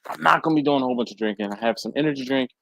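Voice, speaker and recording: A man's voice: very fast, gravelly, a little hiss or hum. A man hosting a casual livestream from a hot garage, chatting and reading viewer comments aloud, laughing often. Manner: chatty, laughs often, lively swings in pitch. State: hot and sweaty. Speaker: livestream host. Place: warm home garage with a fan and air handler.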